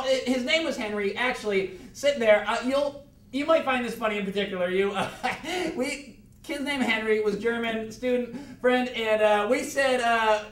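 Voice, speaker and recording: A man's voice: extremely high pitch, normal speed, a bit bright. A man nervously rambling through an unprepared self-introduction at a business meeting, stammering and laughing. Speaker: quality control manager in a meeting. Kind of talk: awkward improvised self-introduction. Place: conference room on a video call. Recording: echoey room from far off.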